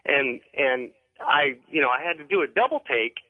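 A man's voice: mid-range voice, animated, moderate pace, no room sound. A man calling in to a radio show and telling a rambling story, hesitating often with ums and restarts. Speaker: caller. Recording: phone line.

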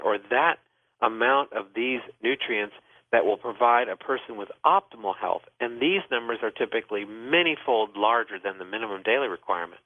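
A man's voice: fairly low pitch, brisk, no room sound. A man, a doctor hosting a call-in health show, explaining at length with many "uh" fillers. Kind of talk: call-in radio advice. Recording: thin phone-like dry sound.

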